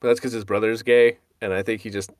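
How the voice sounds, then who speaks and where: A man's voice: on the low side, fast talker, dry recording, studio quality. A young man co-hosting a casual podcast, telling rowdy stories with lots of laughing. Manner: laughing, animated storyteller. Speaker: podcast co-host. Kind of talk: casual chat, storytelling.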